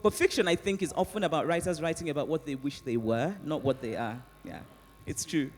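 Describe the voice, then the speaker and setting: A woman, an author, answering audience questions on stage in an animated way, often laughing and restarting her sentences. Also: deep voice, brisk. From Nigeria. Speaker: author guest at a book festival. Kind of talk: onstage conversation and audience Q&A.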